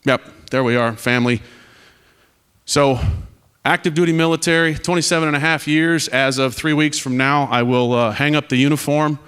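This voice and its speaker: A man's voice: fairly high pitch, steady tone, moderate pace, a bit bright, smooth. Earnest retiring airman giving a talk. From United States. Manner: earnest, direct and storytelling, with wry asides. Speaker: panel speaker, retiring Air Force officer. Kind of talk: speech to students with slides.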